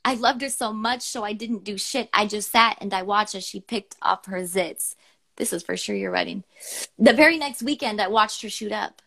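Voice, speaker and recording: This is a young woman co-hosting a poetry show over an online call. Her talk is casual and salted with swearing. When she reads poems aloud she is openly emotional and quick to laugh. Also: mid-range voice, gravelly, a bit bright. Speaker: podcast co-host reading listener poems. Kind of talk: casual chat and poetry reading.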